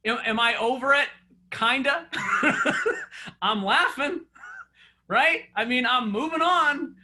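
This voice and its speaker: A man's voice: very high voice, lively intonation, takes it slowly, pushed and bright. A man coaching a group of real estate agents in a casual session, chatty and storytelling, laughing often, recorded in an online meeting.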